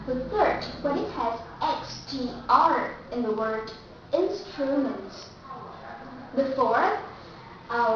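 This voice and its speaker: A woman teaching English pronunciation, speaking slowly and deliberately and repeating each example word. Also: high-pitched, a little hiss or hum. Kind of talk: classroom pronunciation lesson. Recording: echoey, dull recording from far off.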